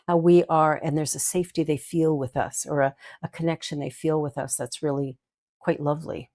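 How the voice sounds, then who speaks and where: Older female minister-host, low-pitched, storytelling with laughs and asides. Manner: warm storytelling with giggles and asides. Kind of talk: inspirational talk.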